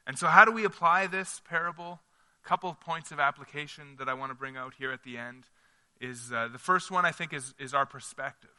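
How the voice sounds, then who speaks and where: Casting: earnest male pastor, conversational sermon, higher voice, bright ringing tone. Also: brisk, smooth, long reverb tail. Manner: earnest, conversational, frequent restarts.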